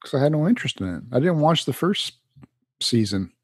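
A man's voice: fairly high pitch, sing-song, a little fast, breathy edge, dry recording, clean studio sound. A man co-hosting a podcast in casual chat, laid-back, with brief replies.

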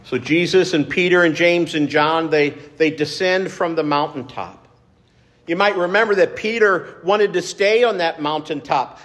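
A man preaching a sermon as pastor, earnest and measured, repeating phrases for emphasis. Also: a little high, fairly bright tone.

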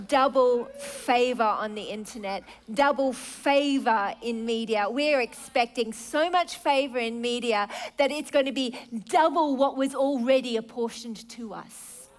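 High-voiced woman preaching expressively. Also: measured pace, few pauses. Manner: expressive, swings from soft to loud exclaiming. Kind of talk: sermon.

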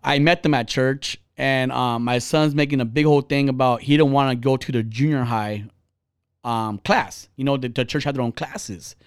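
A man's voice: mid-range voice, moderate pace, clean tone, no echo, clean studio sound. A man hosting a podcast, telling personal stories in a blunt, profane, heated way. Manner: animated and heated. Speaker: podcast host. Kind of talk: casual chat.

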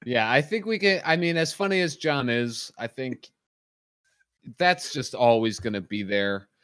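A man leading a casual comedic chat in a deadpan, mock-serious way. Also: medium pitch, a little slow, clean tone, no room sound, studio quality.

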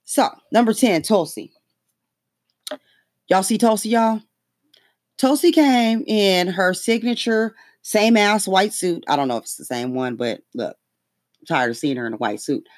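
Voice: measured pace, long pauses, dry recording, studio quality. Profane, heated podcast host ranting. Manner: animated pitch jumps when outraged. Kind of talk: casual political rant.

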